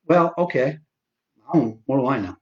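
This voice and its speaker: A man's voice: mid-range voice, animated, moderate pace, lo-fi sound. Rambling, profane man in his forties. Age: 40s. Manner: rambling and profane, with restarts and self-deprecating asides. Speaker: host of a live stream. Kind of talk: casual live-stream storytelling.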